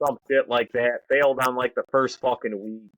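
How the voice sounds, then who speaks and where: A man's voice: medium pitch, flat delivery, moderate pace, a bit bright, no room sound, rough recording. A man telling army stories in a casual podcast chat, swearing freely and laughing often. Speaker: podcast co-host, army veteran.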